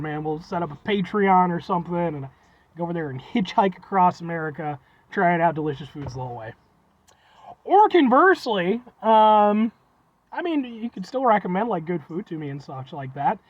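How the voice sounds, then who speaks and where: A man's voice: high-pitched, very animated, moderate pace. A young man reviewing food in a rambling, folksy vlog chat, often calling viewers "folks" with playful exaggeration. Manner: playful exaggeration, self-deprecating. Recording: dull lo-fi dry recording.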